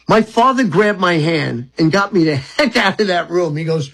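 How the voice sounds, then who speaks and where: An older man from Brooklyn talks in a rambling, earnest way about spiritual matters. His voice sits a little high for a man. He tells long personal stories as a talk-show guest. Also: moderate pace, low-quality recording. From Brooklyn, New York. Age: 70s. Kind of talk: reflective storytelling.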